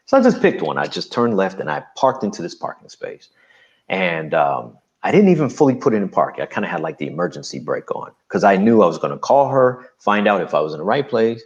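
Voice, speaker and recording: Deep gravelly man telling a story. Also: a little fast, dull audio. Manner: animated storytelling with acted quotes. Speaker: guest. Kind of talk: personal storytelling interview.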